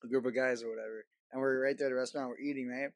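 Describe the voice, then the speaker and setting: A man's voice: medium pitch, fairly even intonation, racing, no echo. A young man chatting casually with friends, telling a story with many fillers. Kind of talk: casual chat among friends.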